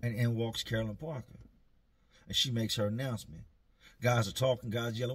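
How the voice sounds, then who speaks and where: Husky guy telling a story, chill and slangy. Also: medium pitch, fast. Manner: laid-back, slangy, dry. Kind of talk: casual storytelling.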